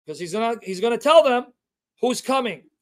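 Male livestream host, very high pitch, emphatic scripture teacher who repeats his points. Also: expressive. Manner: emphatic, repeats key words to drive the point home; reads scripture aloud with slow stressed delivery.

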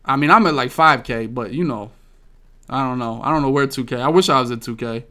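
Fairly quick and mid-range in pitch, a man running a gaming podcast talks casually. Lots of cursing comes through as he tells animated, rambling stories.

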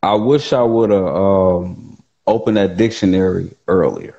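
A man with a baritone voice, a poet chatting as a guest on a live video call, animated and playful with his tone. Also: a little slow, gravelly, muffled recording. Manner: animated, plays with his voice tones, laughs easily.

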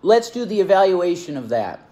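A man's voice: high-pitched, big pitch swings, normal speed, warm tone. A man reviewing a dessert in a mukbang video, rambling and gushing as he stumbles over his words. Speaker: food video creator.

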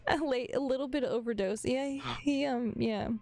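A woman's voice: high voice, a little mellow. A woman streaming a game with casual commentary, reading the dialogue aloud between chatty asides, swearing freely and laughing often.

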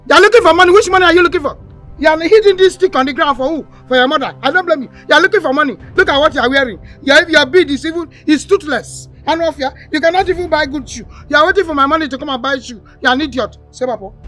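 An actress playing a scornful village woman, loudly mocking and insulting someone in a Nigerian accent. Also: high voice. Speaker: villager scolding an old man. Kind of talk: Nollywood film acting.

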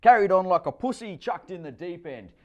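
A man's voice: sits high, lively intonation, brisk, muffled recording, voice pushed up. A man doing a hearty Australian bloke. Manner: hearty, matey. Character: blokey, reassuring middle-aged Australian tradie.

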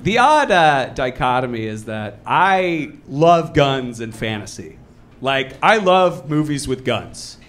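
A man doing a live stand-up set, talking in an animated way and jumping into loud mock voices when he quotes people. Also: mid-range voice, slow pace. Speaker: stand-up comedian. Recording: live club recording with audience noise. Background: audience laughter.

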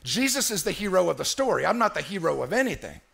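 A man's voice: high voice, sing-song, quick pace, creaky, a bit bright, husky. A man preaching a sermon as pastor in a church, emphatic and repetitive, calling on the congregation to answer him.

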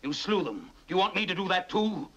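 An actor playing a proud young prince and regent, who answers in a guarded, defiant way in a 1950s epic film. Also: male voice, sits high, big pitch swings, brisk, fairly bright tone, exaggerated voice. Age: young adult. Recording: dull lo-fi 1950s film soundtrack.

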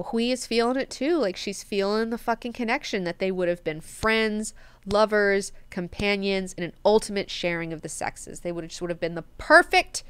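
A woman hosting a book club in a chatty, animated way with plenty of swearing. Her voice sounds very crisp and clear. The recording is dry and close. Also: medium pitch, no room sound. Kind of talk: casual book discussion.

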